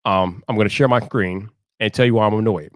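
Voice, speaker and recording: A man hosting a casual live stream, talking in an animated way, repeating himself and ranting loudly when annoyed. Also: on the low side, fairly quick, no room sound, studio quality.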